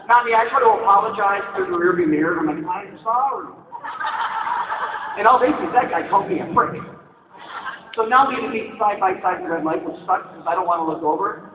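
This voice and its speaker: A male stand-up comedian doing a set on stage, telling animated stories and breaking into silly voices. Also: sits high, fast talker. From Hawaii, raised in Minnesota. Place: stage in a large hall before a live audience. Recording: distant, phone-like echoey hall recording with loud noise.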